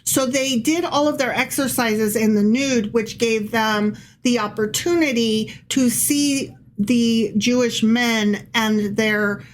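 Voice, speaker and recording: A woman's voice: fairly high pitch, steady tone, slow, few pauses, a little hiss or hum. A woman co-hosting a podcast, mixing casual, swearing chat with reading passages aloud. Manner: chatty, swears, laughs easily, lots of likes and restarts.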